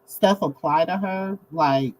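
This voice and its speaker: A middle-aged woman, chatting casually as co-host and telling stories in a lively, colloquial way, laughing often. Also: slow pace, low-quality recording. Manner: animated storytelling, lively swings in pitch. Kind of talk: casual chat.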